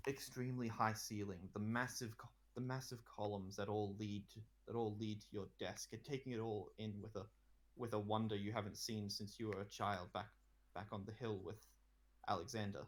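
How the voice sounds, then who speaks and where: A man's voice: on the low side, moderate pace. A man narrating a tabletop role-play in the second person, often restarting and repeating phrases.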